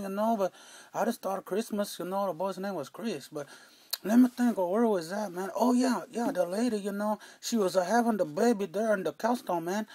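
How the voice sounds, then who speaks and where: A man's voice: high-pitched, a little mellow, no room sound. Someone playing a rambling man. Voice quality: rambling, fills every phrase with "man" and "you know". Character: rambling Mexican-American man, excitable storyteller. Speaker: comic character. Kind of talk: comedic monologue.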